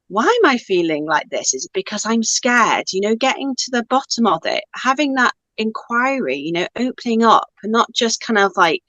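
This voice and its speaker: A woman's voice: fairly high pitch, a bit bright, no echo. A woman speaking as a guest spiritual teacher in a casual conversation, reflective and rambling, with many fillers.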